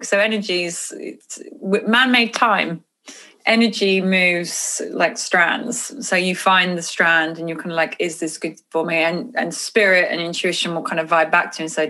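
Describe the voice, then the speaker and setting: A woman author talking casually about intuition and energy in an earnest, animated way on a podcast. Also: lowish voice. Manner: earnest, animated, drifts into quoted inner voices.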